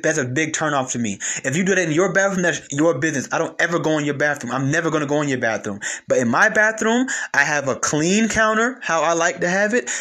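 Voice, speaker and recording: A young man giving a blunt, animated casual monologue on relationships, full of slang and repeated phrases. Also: fairly high pitch. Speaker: commentator.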